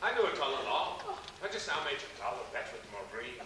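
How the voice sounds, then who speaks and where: A man's voice: medium pitch, very animated, quick pace, lightly acted. An actor playing an older bantering husband who loves his bets, with folksy, blustery speech, captured on stage from far off in an echoey hall. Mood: gloating. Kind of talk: community theatre acting. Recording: distant stage recording, echoey hall, room noise.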